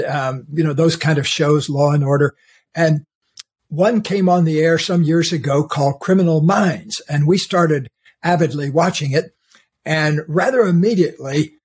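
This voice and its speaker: A man's voice: on the high side, husky. An older man hosting a podcast, introducing his guest in meandering, easygoing storytelling. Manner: warm, meandering storytelling with fillers. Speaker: podcast host. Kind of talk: casual interview chat.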